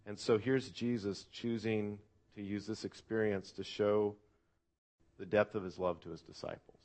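A man's voice: lowish voice, fairly even intonation, moderate pace, a little mellow. A man preaching a sermon to a church congregation in an earnest, reflective way. He often asks the listeners questions and uses "uh" fillers. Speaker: pastor.

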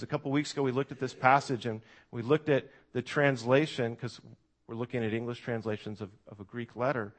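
An American man preaches to his church. His talk is lively and conversational. He turns to the kids in the pews now and then, and his voice sits at an everyday middle pitch. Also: a little fast. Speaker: pastor. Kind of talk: sermon.

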